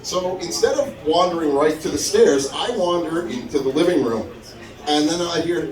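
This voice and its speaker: The crowd laughs as a man at an open mic rattles off a stand-up story at a brisk clip. He brings quoted figures to life with big pitch jumps and plenty of animation, all heard through a far-placed mic in a reverberant room.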